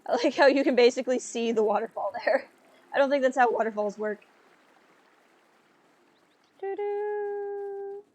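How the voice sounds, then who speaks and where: A young woman chatting playfully through a live game stream. Her voice sits a bit high and bounces with jokes and asides. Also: steady tone, fast talker, darkish tone.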